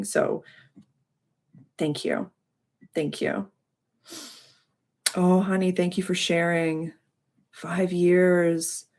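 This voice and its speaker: A woman chats casually on a livestream, her voice sitting a little low. She tells a long story in a heartfelt, rambling way, often stopping to thank her viewers. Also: creaky. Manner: addresses viewers by name and thanks them warmly. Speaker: spiritual coach hosting a live members' call.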